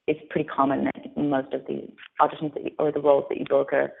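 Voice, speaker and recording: Gravelly young woman with Australian-American accent on a phone line. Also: rumbling low, monotone, fast talker. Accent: Australian mixed with American. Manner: chatty, upbeat, many fillers. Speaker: actress guest. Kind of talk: phone interview.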